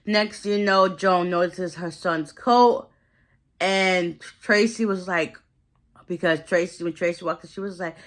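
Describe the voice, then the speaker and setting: A woman's voice: on the low side, steady tone, a little slow. A woman casually recapping a movie plot in a chatty, slangy way, acting out the characters' lines as she goes.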